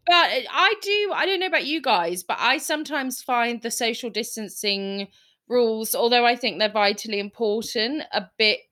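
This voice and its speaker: A woman's voice: a little high, animated, moderate pace, bright, forceful tone. A woman co-hosting a podcast, chatting casually and laughing often, poking fun at herself. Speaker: podcast co-host. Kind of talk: casual chat.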